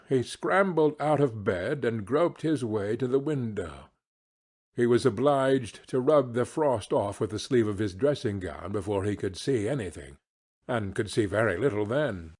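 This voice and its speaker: A man reading a classic ghost story aloud as scripted narration for English learners, in a slow, measured way. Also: mid-range voice, lively intonation, a little mellow.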